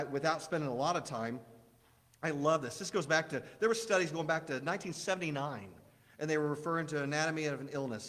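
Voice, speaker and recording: A man's voice: a little high, a bit bright, big-room sound. A man preaching a conversational sermon to a congregation in a church, often asking them questions.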